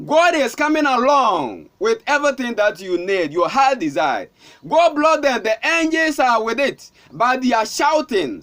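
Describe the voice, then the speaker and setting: Ghanaian pastor guy preaching hard, super high voice, calls stuff out over and over. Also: sing-song, normal speed, fairly bright tone. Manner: fervent, repetitive calling out. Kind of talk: sermon.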